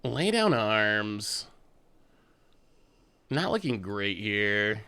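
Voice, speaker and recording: A man talking through a card game as he plays it, in a casual, chatty way. His pitch swings widely, jumping up when something surprises him. He takes his time between thoughts and laughs easily at his own remarks. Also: sing-song, drawn-out words, bright, forceful tone, smooth. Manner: chatty, self-amused, laughs often. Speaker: host. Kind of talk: casual gameplay commentary.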